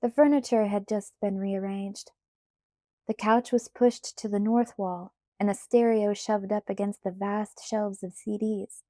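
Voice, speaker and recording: A woman reading a novel aloud in the first person, with measured, even storytelling on a close mic. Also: mid-range voice, no echo. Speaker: audiobook reader.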